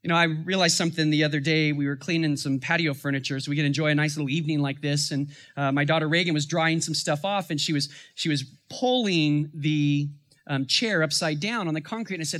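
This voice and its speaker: A man in his thirties preaches with a bright, forceful edge to his voice. His pitch sits a little higher than most men's. He moves between easy, conversational storytelling and emphatic, climbing passages. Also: fairly quick. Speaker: pastor. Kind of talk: sermon.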